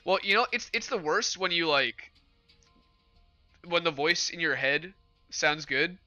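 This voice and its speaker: A young man hosting a livestream, chatting casually with his chat in a relaxed, rambling way. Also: a little high, measured pace, no room sound, lo-fi sound, soft background music. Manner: relaxed rambling with fillers and laughs. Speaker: livestream host. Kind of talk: casual stream chat with chat readers.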